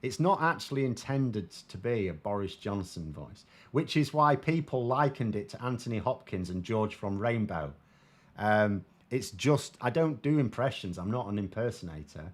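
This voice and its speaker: A man's voice: fairly low pitch, animated, moderate pace. A British man giving casual political commentary and answering viewer comments in a wry, sardonic, conversational way. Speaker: political commentator, show host.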